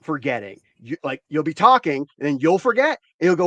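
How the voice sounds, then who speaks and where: A man hosting a casual chat, rambling and joking in an animated way. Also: fairly high pitch, quick pace, hardly any pauses, no room sound. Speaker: host.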